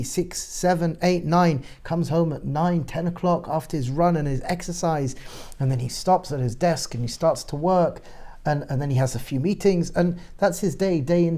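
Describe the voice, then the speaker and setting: A middle-aged man, a rabbi, talking as a guest in a conversational discussion, telling stories and growing animated as he goes. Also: a little high, vocal fry. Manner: storytelling, grows animated and louder describing family chaos.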